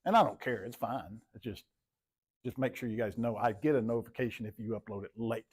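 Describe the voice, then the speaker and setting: A man's voice: on the low side, a little fast, darkish tone, husky. Joking man teaching a math class. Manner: casual, joking, repeats phrases.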